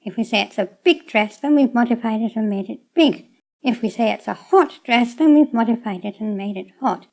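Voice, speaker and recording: A woman teaching a language lesson in a calm, methodical way, stressing the key points. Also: on the high side, moderate pace, poor audio. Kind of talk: explanatory online lesson.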